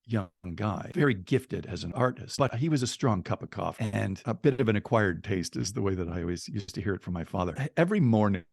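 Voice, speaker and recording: A man with a gravelly edge to his voice spins a personal story with animated energy, laughing as he goes and slipping into other people's lines. The sound is close and dry, with no room around it. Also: lowish voice, a little fast, hardly any pauses, no echo. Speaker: podcast guest, storyteller.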